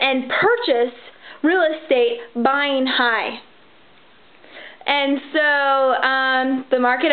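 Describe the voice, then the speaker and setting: High-voiced woman rambling on a tinny line. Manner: rambling, many fillers and restarts; acts out quoted people in her story. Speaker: vlogger giving financial advice. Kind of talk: casual chat. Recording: tinny phone-like sound.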